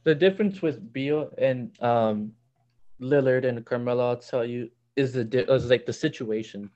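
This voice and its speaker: Man, mid-pitched, dull muffled sound, blunt casual sports talk. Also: normal speed, darkish tone. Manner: blunt, emphatic retelling. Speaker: podcast co-host.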